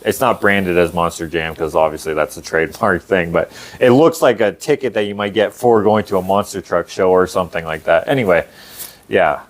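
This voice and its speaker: A man's voice: sits low, a little fast. A young man co-hosting a casual chat show, rambling along with frequent laughs. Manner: rambling, laughs often, drops into playful impressions. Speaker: podcast co-host.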